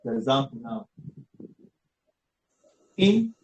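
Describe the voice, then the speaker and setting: Slow-paced male English tutor. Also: mid-range voice, very animated, slight background noise, poor audio. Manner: slow, repeats words to teach stress, checks with "all right". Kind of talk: online phonics lesson.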